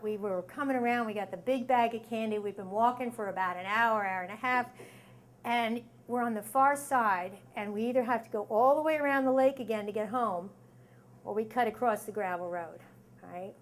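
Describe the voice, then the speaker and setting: A middle-aged woman telling a story on stage before a live audience, acting out the voices in it with sudden screams. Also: on the high side. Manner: lively, acts out quoted voices with sudden screams.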